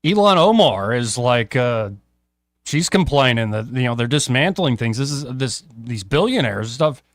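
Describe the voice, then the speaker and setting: Animated wry male radio host. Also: medium pitch, moderate pace, no room sound, clean studio sound. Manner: wry, joking, animated delivery. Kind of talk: casual talk radio banter. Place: radio studio.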